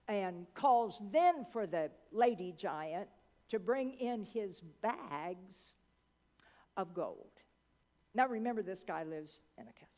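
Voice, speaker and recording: A woman preacher telling a fairy tale in a sermon, dramatic, with long pauses and chatty asides, in a church hall. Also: mid-range voice, a little mellow. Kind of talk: sermon storytelling.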